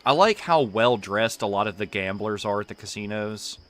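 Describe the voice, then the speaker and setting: While playing a video game on stream, a man talks in a fairly low, slightly bright voice with lively intonation at a moderate pace. Soft background music plays as he rambles, laughs and leans on fillers in his casual commentary.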